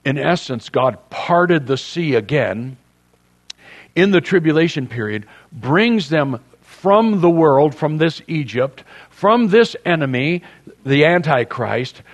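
A man's voice: on the high side, very animated, measured pace. A man preaching a sermon as a pastor, in a conversational, joking storytelling manner.

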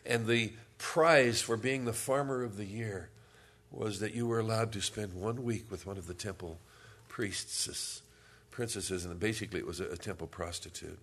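A man with a fairly low voice preaches a sermon. He tells a story, jokes with the congregation, then reads scripture aloud in a booming, forceful voice. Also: fairly even intonation, normal speed. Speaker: pastor.

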